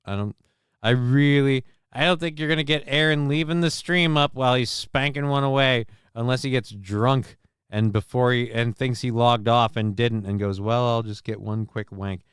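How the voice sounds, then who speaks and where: A man's voice: mid-range voice, moderate pace, smooth, no room sound, clean studio sound. A man hosting a casual livestream show, rambling with many fillers and crude jokes as he reads the chat. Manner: gets loud and excited over news figures.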